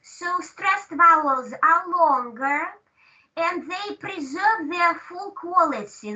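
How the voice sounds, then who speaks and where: Woman lecturer, very high and bright voice, slow deliberate delivery, distant dull lo-fi mic. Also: expressive. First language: Russian. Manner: slow, repetitive, checks in with "right?". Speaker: language teacher. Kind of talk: online class lecture.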